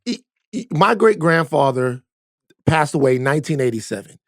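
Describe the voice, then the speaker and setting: An American man co-hosting a podcast, an animated storyteller who swears and laughs often. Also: fairly high pitch, moderate pace, no echo, studio quality. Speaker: podcast co-host. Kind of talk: casual podcast chat.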